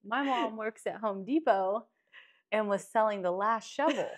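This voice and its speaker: Woman, medium pitch, casual podcast co-host, chatty, laughs often. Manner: chatty, laughs often, quick back-channel replies. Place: indoor podcast room.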